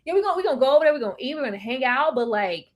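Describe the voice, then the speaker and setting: High, lively woman joking loudly. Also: rapid-fire. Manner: animated, laughing, playful with sudden loud outbursts. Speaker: co-host. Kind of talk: casual comedic chat.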